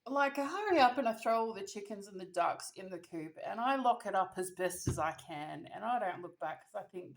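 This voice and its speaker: A woman's voice: mid-range voice, animated, normal speed, gravelly. A young woman with an Australian accent telling a dramatic, slangy story between bites, as a vlogger. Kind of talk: storytime while eating. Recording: echoey room.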